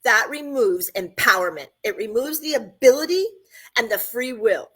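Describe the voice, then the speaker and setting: A woman's voice: fairly high pitch, lively intonation, moderate pace, a bit bright. A woman hosting a radio talk show, speaking in an emphatic, conversational way that repeats phrases for stress.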